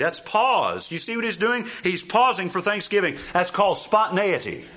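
A man preaching a sermon, animated and emphatic, asking rhetorical questions and repeating key phrases. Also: sits high, normal speed, hardly any pauses. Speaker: pastor.

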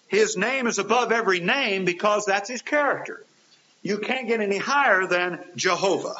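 A high, slightly bright male voice delivers an earnest sermon, putting rhetorical questions to listeners with emphasis that swells and falls. The recording is lo-fi, dull and hissy.

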